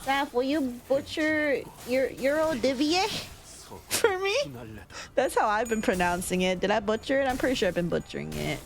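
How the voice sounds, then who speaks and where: A woman's voice: fairly high pitch, animated, normal speed. A woman streamer chatting casually over gameplay. She swears freely, laughs often and reads chat aloud.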